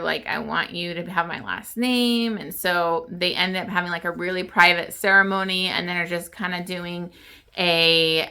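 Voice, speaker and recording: A woman's voice: lowish voice, sharp tone. A woman book vlogger casually retelling a novel's plot, rambling with many fillers and crying as she talks.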